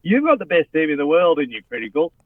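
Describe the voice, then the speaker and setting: Middle-aged Australian bloke, phone-in guest, animated and matey, a fairly high voice down a tinny line. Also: male voice, fast, no room sound. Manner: blokey, animated, says "mate" a lot. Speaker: guest, former rugby player and radio host. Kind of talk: casual chat over a phone line.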